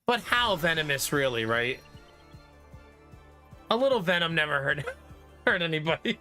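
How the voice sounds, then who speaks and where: Brief: male game streamer, high bright voice, chatty and laugh-prone, faint game music underneath. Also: very animated, normal speed. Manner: chatty, laughs often, reads out viewer comments. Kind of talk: casual live-stream chat.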